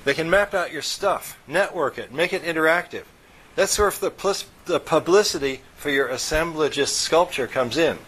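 A man reading as an excitable, reckless male tech inventor who talks in an eager, persuasive way. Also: normal speed, breathy edge. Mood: pushy. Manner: eager, persuasive salesman pitch.

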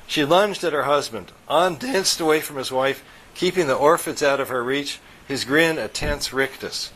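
A man reading a science-fiction story aloud in steady, even narration. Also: a little high, normal speed, poor audio. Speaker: audiobook narrator.

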